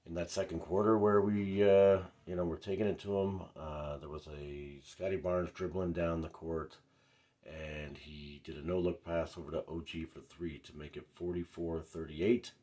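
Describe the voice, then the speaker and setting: A middle-aged man with a deep, warm voice talks at a moderate, steady pace. Speaking as a frustrated fan, he gives a rambling, casual recap of a basketball game for a sports vlog, packed with fillers and asides.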